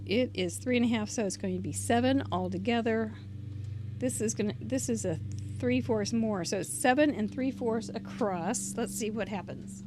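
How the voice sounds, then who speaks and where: A woman hosting a crafting video, chatting casually and thinking aloud as she shows cards, often trailing off softly. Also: on the high side, a little hiss or hum. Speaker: crafting channel host. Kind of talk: casual crafting show-and-tell.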